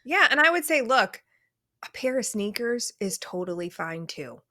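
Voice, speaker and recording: Woman co-host, casual banter, swooping expressive voice. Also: a little high, moderate pace, no echo, studio quality. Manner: chatty, playful storytelling. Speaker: podcast co-host. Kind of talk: casual chat.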